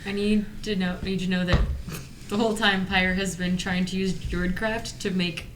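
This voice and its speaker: A woman's voice: medium pitch, flat delivery, normal speed, background noise. Playful woman player at a game table. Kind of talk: casual game chat.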